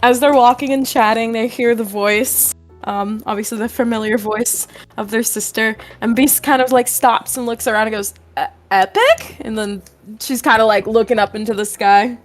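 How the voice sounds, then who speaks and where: A woman's voice: fairly high pitch, steady tone, moderate pace, soft background music. A woman playing in a tabletop game, narrating her character casually. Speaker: player.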